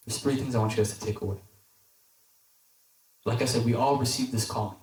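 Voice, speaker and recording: A man's voice: medium pitch, a little fast. A young man giving a casual youth sermon, talking conversationally with lots of "like" and acting out the characters in his stories. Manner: conversational, lots of "like", animated when quoting characters. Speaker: deacon preacher at youth group. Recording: echoey hall, mic at a distance.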